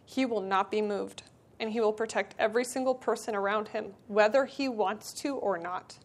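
A woman's voice: mid-range voice, moderate pace. A woman speaking earnestly to a church community in a conversational devotional talk, then reading a storybook aloud. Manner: earnest, conversational, with filler words.

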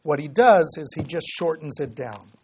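A man preaching a sermon, quoting scripture slowly and swinging between loud emphasis and quiet asides. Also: fairly high pitch, expressive, a little hiss or hum. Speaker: pastor.

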